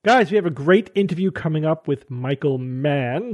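A man's voice: fairly high pitch, lively intonation, moderate pace, over music. A man from Connecticut hosting a podcast, talking through ideas in a thoughtful, hedging way in casual panel chat. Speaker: podcast host.

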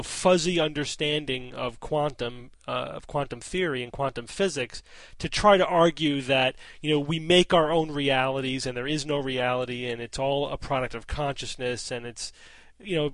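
A man's voice: a little high, a bit bright, no room sound. A male podcast host in casual panel chat, wry and skeptical, laughing often.

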